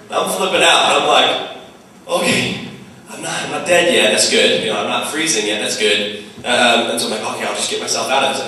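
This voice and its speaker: A young man speaking to teens at a retreat, telling a personal story in a casual, animated way full of fillers. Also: mid-range voice, slight background noise. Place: large hall. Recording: very echoey hall from far off.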